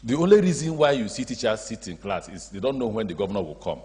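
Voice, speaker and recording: A man's voice: on the low side, fast. A man with a Nigerian accent giving a public speech as a state governor, telling stories and acting out the dialogue. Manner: storytelling, acts out dialogue, animated asides. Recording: long hall reverb.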